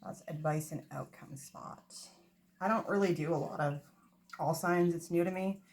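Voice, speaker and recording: A woman's voice: on the low side, normal speed, vocal fry, a little mellow. A woman giving a casual tarot reading, chatty and self-mocking, swearing freely, recorded on a phone. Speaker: tarot reader. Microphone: phone camera.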